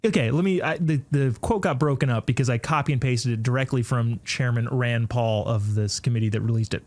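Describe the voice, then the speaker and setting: Slightly mellow and medium in pitch, a talk show host moves fairly quickly through a sarcastic political monologue, tossing in mocking asides and restarting often in a conversational style.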